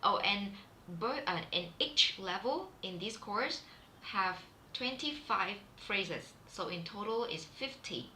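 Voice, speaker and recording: Vietnamese-accented woman teaching, bright and slow. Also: mid-range voice, lively intonation. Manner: chatty, with many fillers and restarts. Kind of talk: live-streamed class. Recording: echoey room with faint background hum.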